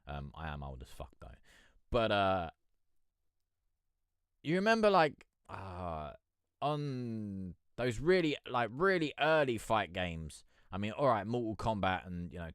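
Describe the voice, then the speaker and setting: A man's voice: on the low side, a bit bright, clean tone, no room sound, studio quality. A man hosting a music review livestream, chatting casually in a rambling way, swearing freely and laughing often. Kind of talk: casual live-stream chat.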